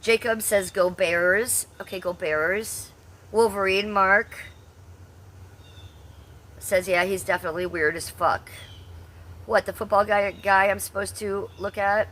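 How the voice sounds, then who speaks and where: A woman's voice: mid-range voice, fairly even intonation, measured pace, long pauses, fairly bright tone. A woman in her fifties chatting brashly on a live stream, reading out and answering the chat with blunt, salty humor. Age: 50s. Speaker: livestreamer.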